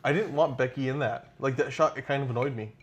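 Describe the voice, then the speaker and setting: A man's voice: mid-range voice, fast talker. Man, podcast co-host, casual chat, rambling, swears, restarts a lot.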